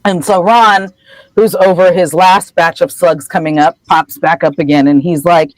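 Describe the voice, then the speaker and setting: A podcast co-host casually retelling a book chapter, acting out the characters' lines with lively energy. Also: mid-range voice, normal speed, no room sound, low-quality recording. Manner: animated storyteller acting out quotes.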